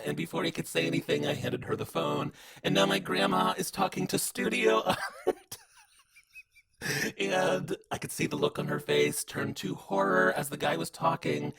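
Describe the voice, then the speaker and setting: Gravelly high-voiced man telling funny stories. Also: normal speed, over a noisy crowd, rough recording. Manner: wry, playful, acts out childhood dialogue. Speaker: comedic storyteller. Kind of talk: casual comedic storytelling. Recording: loud music under the voice.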